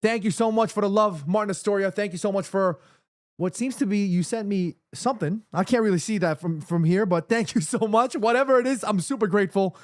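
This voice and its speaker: Excitable high-voiced man hosting a watchalong. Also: a little fast, no room sound, clean studio sound. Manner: excitable, jumps between hype and nervous murmurs; thanks viewers by name, rallies the chat. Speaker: streamer hosting a football watchalong. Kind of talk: live match watchalong, reading chat aloud.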